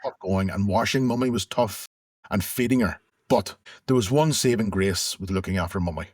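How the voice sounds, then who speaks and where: A middle-aged man being interviewed recalls his past candidly and conversationally, often restarting his sentences. His voice is low and slightly husky, his pace moderate. The close, dry recording picks up little room sound.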